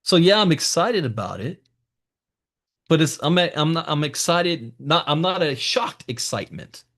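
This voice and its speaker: A man's voice: fairly high pitch, animated, normal speed, fairly bright tone. A man hosting an education call, giving emphatic motivational coaching and repeating his key advice straight to the listeners. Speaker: host of a crypto education call.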